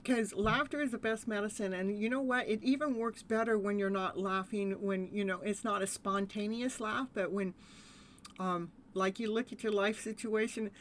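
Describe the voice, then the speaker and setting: Woman tarot reader, live stream, casual and giggly, medium pitch. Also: fairly even intonation, normal speed, slight background noise. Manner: chatty, laughs often. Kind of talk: live tarot reading chat.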